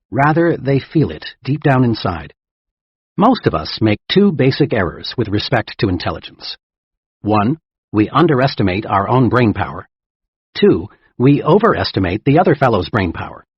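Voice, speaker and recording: Man narrating a self-help audiobook, husky. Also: mid-range voice, no room sound. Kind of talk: scripted narration. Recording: dull lo-fi dry recording.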